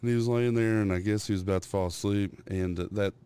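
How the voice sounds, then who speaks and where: A man's voice: fairly low pitch, fairly even intonation, fast talker, mellow, clean tone, no room sound. A young man on a podcast, casually telling profane, rambling stories about his toddler and mimicking the kid's noises. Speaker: podcast co-host.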